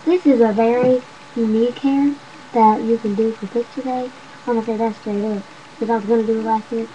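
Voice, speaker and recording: A young woman rambles to her viewers in a loose, chatty way, calling them y'all. Her voice sits fairly high with a soft, mellow tone. The webcam audio is dull and lo-fi, with a faint hiss behind her. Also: fairly even intonation, brisk. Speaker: vlogger. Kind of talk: casual chat to webcam.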